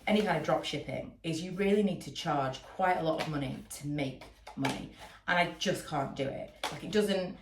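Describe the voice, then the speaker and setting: A woman's voice: deep voice, normal speed. Congested woman chatting in an echoey room. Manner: rambling, chatty, many fillers. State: congested from a cold, sniffling. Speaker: vlogger and candle maker. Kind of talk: casual chat to camera. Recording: echoey room, mic a little far, noisy.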